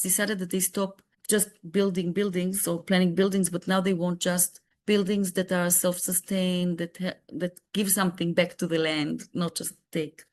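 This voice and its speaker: A woman from Israel, a peace activist guest on a podcast, speaking earnestly and searching for words with frequent restarts. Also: mid-range voice. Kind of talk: casual podcast conversation.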